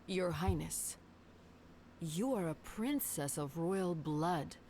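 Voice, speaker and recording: A woman's voice: lowish voice, slow pace, dark tone, a little hiss or hum. A woman voicing a loyal, formal female palace guard captain in a game, speaking with deference. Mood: formal, pleading. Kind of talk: voiced game dialogue.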